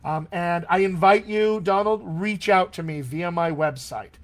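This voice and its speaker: A man with a slightly high voice runs a live-streamed accent class. He answers questions in a chatty, enthusiastic way and keeps clearing his throat from allergies. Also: measured pace. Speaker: dialect coach.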